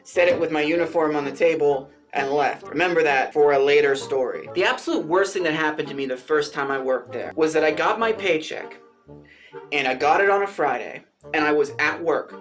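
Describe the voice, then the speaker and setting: A male vlogger tells a personal story casually, animated and exasperated, swearing freely and pushing his pitch up for emphasis. He speaks fairly quickly over soft background music.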